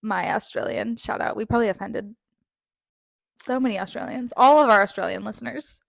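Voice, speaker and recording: A woman's voice: a little high, creaky, no echo. A young woman co-hosting a podcast, chatting enthusiastically about a book on a close microphone. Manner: enthusiastic, quick to react. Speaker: podcast co-host. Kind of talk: casual book discussion chat.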